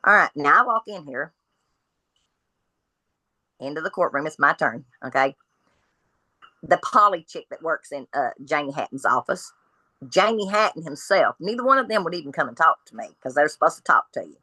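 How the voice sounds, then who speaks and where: A woman tells her story as a podcast guest, speaking bluntly and acting out each person's lines. Her voice sits low and lands with a forceful edge. The sound is dry and close. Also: normal speed, pauses often, no room sound, low-quality recording. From Kentucky. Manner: blunt, animated retelling of dialogue.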